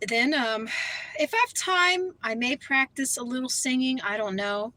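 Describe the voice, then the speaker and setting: Woman vlogger, fairly high voice, bright and forceful, rambling casual chat. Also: unhurried, no echo, low-quality recording. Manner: rambling, chatty, heavy on fillers like "you know".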